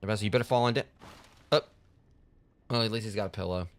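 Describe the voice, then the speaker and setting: A man's voice: fairly low pitch, rapid-fire. A man hosting a gaming channel, rambling and joking through casual let's play commentary. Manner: rambling, joking, lots of fillers.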